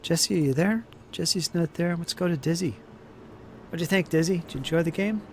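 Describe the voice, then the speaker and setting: A chatty male game master winding down after a session, tired but upbeat and joking with his players. His voice sits a little high for a man, and a faint hiss runs under the noisy home voice chat. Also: moderate pace. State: tired from no sleep. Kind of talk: post-session wrap-up chat.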